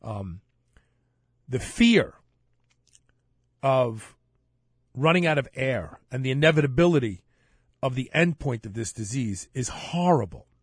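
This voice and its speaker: A man's voice: mid-range voice, animated, unhurried, long pauses, breathy edge, no room sound, clean studio sound. A man hosting a talk show, speaking in a casual, rambling monologue with frequent restarts. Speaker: podcast host.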